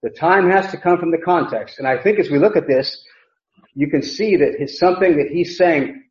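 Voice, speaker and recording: A man's voice: on the high side, moderate pace. A man teaching an expository Bible sermon, emphatic, and often repeating phrases. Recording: roomy, dull lo-fi sound.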